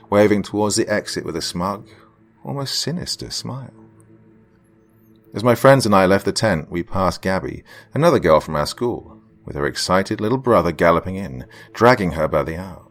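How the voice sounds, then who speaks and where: A man narrating a horror story in an expressive, theatrical way. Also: deep voice. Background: faint music.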